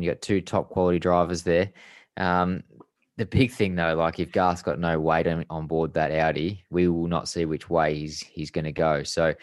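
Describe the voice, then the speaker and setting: Man, australian accent, very deep voice, self-mocking co-host, dry sound. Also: dry recording. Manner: self-mocking, groaning reactions. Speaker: co-host and racing driver. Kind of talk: casual chat.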